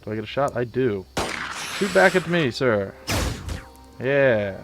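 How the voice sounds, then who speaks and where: A young man casually commenting on his own gameplay, chatty and self-mocking, with sudden loud outbursts. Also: mid-range voice, big pitch swings, a little slow, over music. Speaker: let's play gamer.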